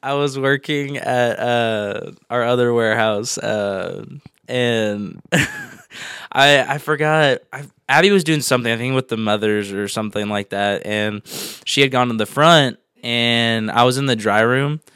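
A young man chatting on a podcast, telling animated stories and acting out what people said. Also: mid-range voice, a little slow, clean tone, dry recording, clean studio sound. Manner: animated storyteller, acts out quotes. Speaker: employee. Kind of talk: casual podcast chat.

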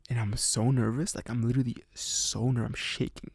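A man's voice: mid-range voice, fairly even intonation, a little fast, a little mellow, slightly rough, no echo, clean studio sound. A man in his twenties casually telling a personal story on a podcast, rambling with lots of fillers. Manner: rambling, many fillers and restarts. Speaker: podcast host.

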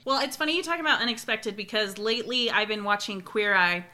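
A young woman chatting casually as a podcast co-host, telling stories with animated enthusiasm. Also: medium pitch, fast. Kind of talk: casual chat.

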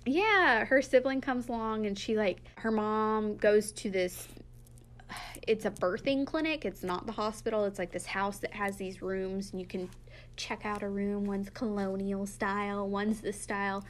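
A woman's voice: mid-range voice, measured pace, a little hiss or hum. Lady recapping a book, chatty, acts out the lines. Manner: animated, acts out quotes from the book. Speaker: book podcast co-host. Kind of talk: casual chat, retelling book plots.

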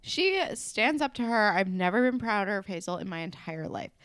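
A woman's voice: medium pitch, lively intonation, moderate pace, a bit bright, clean tone, no echo, studio quality. Enthusiastic young woman co-host. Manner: enthusiastic, emphatic, swears. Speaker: podcast co-host. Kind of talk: casual recap chat.

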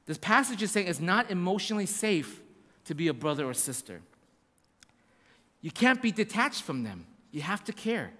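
A man preaching a sermon as pastor, animated and repetitive, acting out little asides. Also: high voice, moderate pace, long reverb tail.

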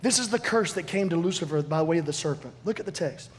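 High-pitched guy preaching, emphatic and animated, faint noise behind, big church echo. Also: quick pace. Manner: animated, emphatic, swings from loud to hushed. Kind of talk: sermon. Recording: long hall reverb, faint background noise.

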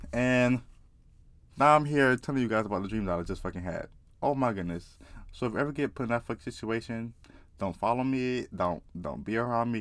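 A man casually telling a story to camera, profane and excitable, often laughing. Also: fairly low pitch, fairly quick, no echo. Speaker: vlogger.

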